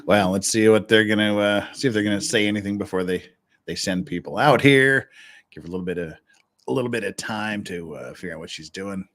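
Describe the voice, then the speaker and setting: A man's voice: lowish voice, brisk, a bit bright. A man hosting a casual livestream, chatting and joking with frequent restarts. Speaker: livestream host.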